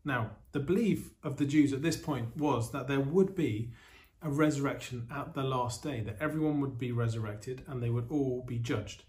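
Earnest male pastor preaching. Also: medium pitch. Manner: earnest, steady preaching with reflective pauses. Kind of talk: sermon. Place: online church service.

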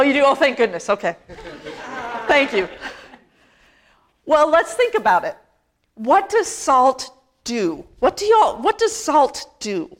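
A high-voiced woman pastor preaches a sermon in a church sanctuary. She speaks conversationally, asks the congregation questions and delivers slow, emphatic phrases.

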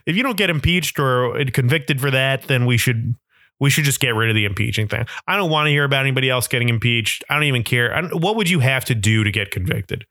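Sharp-voiced sarcastic man ranting. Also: medium pitch, dry recording, studio quality. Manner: sarcastic, profane, laughs often. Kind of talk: casual political rant.

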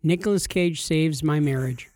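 Man, podcast co-host, high voice, playful, teasing, dry close sound. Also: normal speed, darkish tone, no echo. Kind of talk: casual chat.

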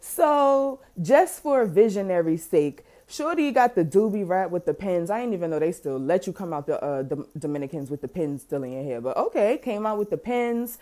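Woman podcast host, warm, low-lit voice, animated and slangy storyteller. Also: moderate pace, few pauses. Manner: animated, profane, slangy and dramatic. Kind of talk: casual storytelling.

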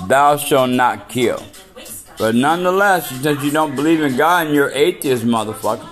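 High-voiced man ranting, faint music behind. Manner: profane, preachy, rhetorical questions. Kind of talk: ranting monologue.

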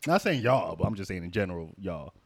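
A man's voice: low-pitched, fast, gravelly, husky, no room sound. A man co-hosting a podcast, talking animatedly in casual slang-heavy chat. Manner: animated, swearing, lively slang. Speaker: podcast co-host.

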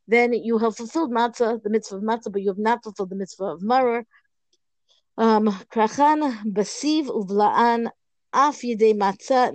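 A woman reading and explaining a Talmud passage in a measured, thoughtful way. She pauses now and then with "um". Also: medium pitch, darkish tone, no room sound. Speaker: Talmud teacher.

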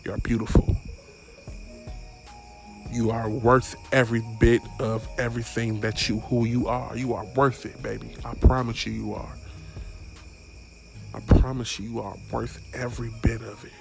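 A man's voice: medium pitch, flat delivery, normal speed, creaky, pauses often, music in the background. A young man hosting a casual solo podcast, rambling and stumbling over his words with frequent swearing. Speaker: podcast host.

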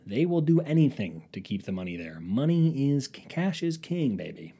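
Profane, rambling man with a mellow voice. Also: mid-range voice, big pitch swings, moderate pace, breathy edge. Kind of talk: casual chat.

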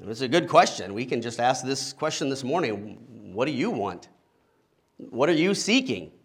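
A middle-aged male pastor preaching a relaxed, conversational sermon, with joking asides and frequent "right?" checks to the congregation. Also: medium pitch, normal speed, husky. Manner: casual, humorous asides, frequent rhetorical "right?".

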